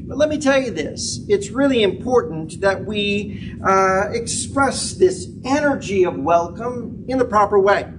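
A man's voice: a little slow, few pauses, far from the mic, background noise. A man preaching a sermon as pastor, telling stories with big swings of voice. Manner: animated storytelling with big pitch swings.

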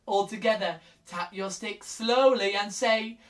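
Slow sing-song woman teaching kids. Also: mid-range voice. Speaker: preschool music teacher. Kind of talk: interactive children's music lesson.

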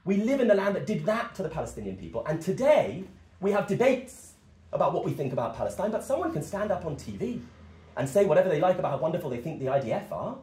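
A man's voice: high voice, big pitch swings, quick pace, a little mellow. A young man giving an impassioned, emphatic political speech at a meeting. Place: meeting room. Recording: echoey meeting room.

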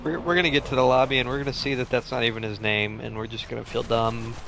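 A man's voice: medium pitch, level tone, quick pace, creaky, a bit bright, a little hiss or hum. A young man hosting a casual gaming session, trading jokes and mock-serious asides with a friend. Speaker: gaming channel host.

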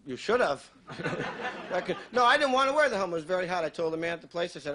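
A man performing a stand-up routine on a TV stage, telling dark jokes in a dry, offhand way and tagging lines with "you know.". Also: high-pitched, expressive, quick pace, slight background noise. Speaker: stand-up comedian. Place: television studio stage with a live audience. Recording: 1980s TV broadcast with audience laughter.

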